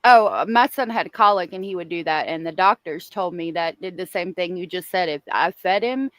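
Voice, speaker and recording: A woman chatting casually as a podcast co-host, agreeable and quick to affirm. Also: lowish voice, a bit bright, no room sound, low-quality recording. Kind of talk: casual chat.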